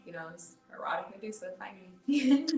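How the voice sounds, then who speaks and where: A woman's voice: medium pitch, animated, normal speed, darkish tone. A woman, a tarot reader guest on a podcast, chatting casually and earnestly explaining spiritual ideas with fillers. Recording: roomy, distant from the mic.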